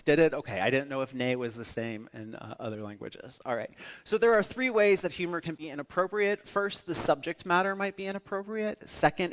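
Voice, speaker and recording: A man giving a keynote talk, telling stories with lively acted-out quotes. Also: a little high. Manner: animated storytelling with acted-out quotes. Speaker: public speaker.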